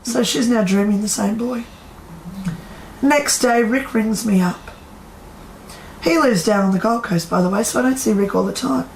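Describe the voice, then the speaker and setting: A chatty woman with a slightly high voice, talking to a live audience as a psychic medium. She acts out the people she quotes and puts questions to the crowd. Her voice echoes in the room over a faint hum. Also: normal speed, creaky, long pauses. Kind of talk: storytelling talk to a live audience.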